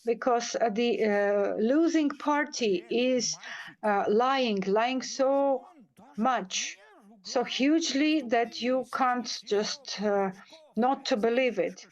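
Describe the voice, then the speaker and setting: A woman's voice: a little high, takes it slowly, highs cut off. A woman speaking as a symposium panelist, giving impassioned, firm remarks with frequent hesitations and repeated words.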